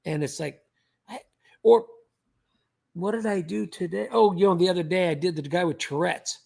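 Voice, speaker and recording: Man, livestream host, high voice, gravelly fry, rambling casual chat. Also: darkish tone. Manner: rambling, halting restarts.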